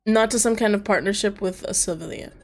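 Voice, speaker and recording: A woman streamer reading a story game aloud and reacting to it, swearing casually and breaking into loud laughs. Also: mid-range voice, fairly quick.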